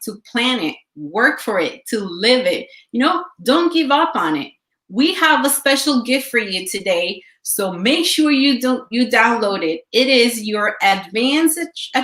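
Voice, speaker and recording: A woman's voice: a little high, pushed and bright. A woman co-hosting a motivational talk, speaking in an upbeat, encouraging way. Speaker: co-host. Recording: echoey room.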